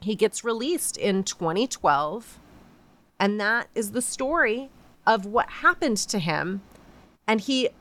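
A woman hosting a podcast, retelling a story casually with lots of fillers and animated asides. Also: mid-range voice, takes it slowly. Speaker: podcast host.

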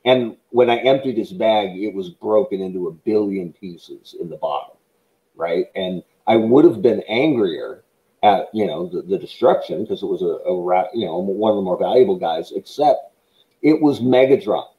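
A man's voice: sits low, animated, normal speed, mellow, rough recording. A man on a podcast, chatting casually with wry jokes. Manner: wry, joking asides. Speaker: podcast co-host. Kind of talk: casual chat.

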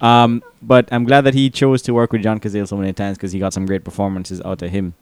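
Smooth-voiced man in dry casual chat. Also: on the low side, flat delivery, quick pace, darkish tone, no room sound. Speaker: podcast co-host.

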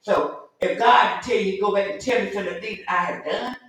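Heard at a distance in a very echoey church room, a woman with a medium-pitched, slightly bright voice speaks at normal speed. She leads a Sunday school lesson in a folksy, conversational style, occasionally voicing the characters in her stories.

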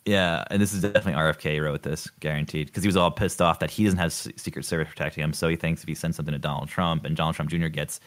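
A man's voice: extremely low pitch, fairly even intonation, rapid-fire, few pauses. A man co-hosting a podcast in casual chat, swearing freely and laughing often. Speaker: podcast co-host.

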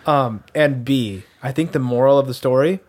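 A man co-hosting a casual podcast, laughing and making quick jokes. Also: medium pitch, a little mellow, soft background music. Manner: laughs and quips reacting. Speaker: podcast co-host.

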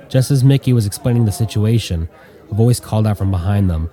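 A man narrating an audiobook in an even, measured way. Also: fairly low pitch, some chatter behind.

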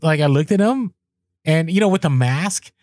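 A man's voice: on the high side, normal speed, dry recording. A man chatting casually and telling a story, acting out the people in it, his voice jumping up when he is exasperated. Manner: animated, acts out quoted people, voice jumps up in exasperation.

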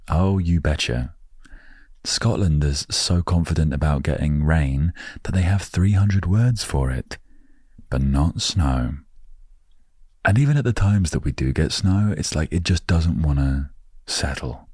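English male podcast host, slow husky voice, laid-back and jokey, wanders into silly tangents. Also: rumbling low, darkish tone, no echo, studio quality. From England. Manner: playful, rambling, jokey asides. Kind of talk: relaxed storytelling podcast.

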